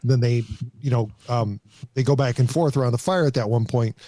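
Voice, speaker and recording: A man co-hosting a podcast, explaining at a measured pace with frequent fillers. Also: mid-range voice, mellow, no room sound, studio quality. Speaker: podcast co-host. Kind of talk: casual chat.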